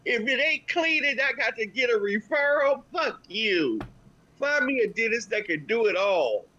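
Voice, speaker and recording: A woman's voice: fairly high pitch, big pitch swings, moderate pace, sharp tone. Woman, casual talker, blunt and profane, recorded on a muffled lo-fi mic. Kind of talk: casual chat. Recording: dull lo-fi recording.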